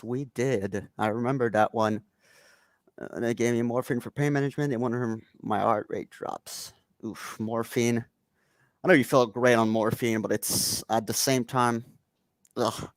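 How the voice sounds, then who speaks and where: A man's voice: medium pitch, measured pace, no room sound. A Canadian man hosting a podcast from home, chatting casually, rambling and laughing often while reading out chat comments. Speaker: podcast host. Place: home room.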